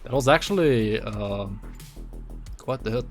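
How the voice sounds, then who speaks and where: A man's voice: mid-range voice, lively intonation, unhurried, soft background music. A man streaming a game, chatting casually with viewers, full of filler words and tag questions. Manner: laid-back, lots of likes and rights. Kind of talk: casual gameplay commentary.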